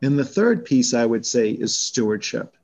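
A man with a Boston accent, a college fundraising executive, laying out his points in a measured conversational way. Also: medium pitch, big pitch swings, creaky, darkish tone. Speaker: college fundraising vice president. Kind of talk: podcast conversation.

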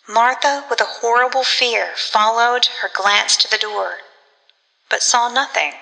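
A woman narrating a gothic story in a measured, dramatic reading. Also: a little high, gravelly, bright, forceful tone, in a large hall, poor audio. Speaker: audiobook narrator.

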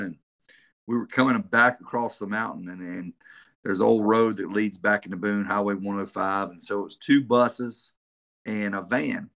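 A middle-aged man, a football coach telling a story as a podcast guest in a lively, animated way. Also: lowish voice. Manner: animated storyteller, swears casually.

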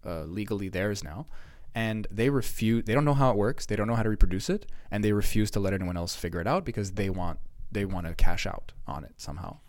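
A man's voice: on the low side, fast, hardly any pauses, darkish tone. A young man in casual podcast chat, rambling with restarts and casual swearing.

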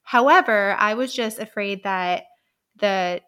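Bright, sarcastic woman. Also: medium pitch, slow pace, clear, resonant tone. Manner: chatty and sarcastic, laughs often. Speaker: podcast co-host. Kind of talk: casual book recap chat.

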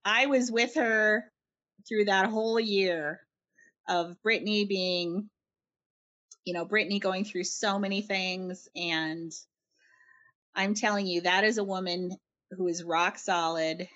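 A middle-aged woman from Canada, a writer being interviewed, talking in a chatty, animated way with frequent laughs and restarted phrases. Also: mid-range voice, takes it slowly, long pauses, muffled recording. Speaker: guest, writer. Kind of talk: conversational interview answers.

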